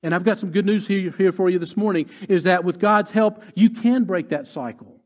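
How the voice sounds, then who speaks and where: A man preaching a sermon as pastor, emphatic, slowing down to repeat his key lines. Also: sits high.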